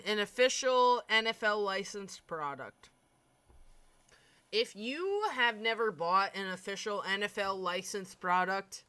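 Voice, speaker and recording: Candid, bright-voiced young woman storyteller. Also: mid-range voice, no room sound. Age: 20s. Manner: candid, darkly funny, swears freely. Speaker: streamer. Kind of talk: casual storytelling.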